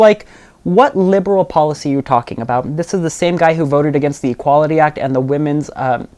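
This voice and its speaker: A man's voice: fairly high pitch, fast talker, darkish tone. A young man, a guest on a local podcast, speaking earnestly and passionately, with frequent "um" and "like". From Southern California. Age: young adult. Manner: earnest, passionate, many fillers. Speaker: guest, local party chair. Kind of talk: casual podcast interview.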